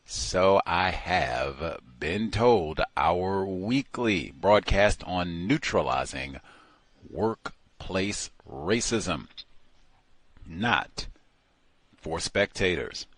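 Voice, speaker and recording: Man hosting a call-in show, dragging slow and emphatic, dry close sound. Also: deep voice, lively intonation, fairly bright tone, no room sound. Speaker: radio show host. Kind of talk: call-in radio talk.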